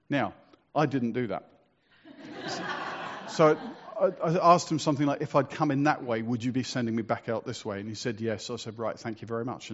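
A man's voice: mid-range voice, dull audio, slight background noise. A man preaching a sermon in a conversational, storytelling way, asking rhetorical questions.

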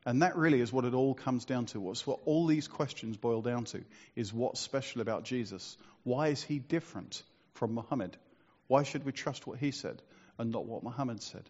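Guy giving a sermon, mid pitch, talks like he's telling you a story, muffled lo-fi sound. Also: moderate pace, darkish tone, husky. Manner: conversational, storytelling, asks rhetorical questions. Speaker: preacher.

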